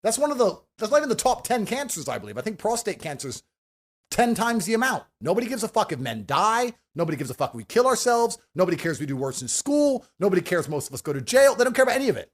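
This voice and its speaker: A man ranting forcefully and profanely in a heated podcast debate. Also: high-pitched, very animated, fast talker. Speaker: podcast guest.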